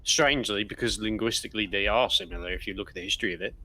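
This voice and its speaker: A man playing in a tabletop game, chatting playfully with quick asides over a video call. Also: fairly low pitch, bright, forceful tone. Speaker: player. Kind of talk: casual chat before a tabletop game.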